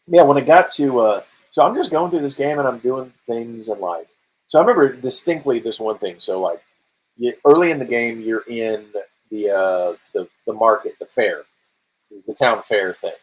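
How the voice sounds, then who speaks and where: A man with a somewhat husky voice talks casually on a podcast about video games. He tells stories in an animated way and slips into little acted-out quotes. His pitch sits in an ordinary middle range. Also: normal speed, rough recording. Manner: animated storytelling, acts out quotes. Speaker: podcast co-host.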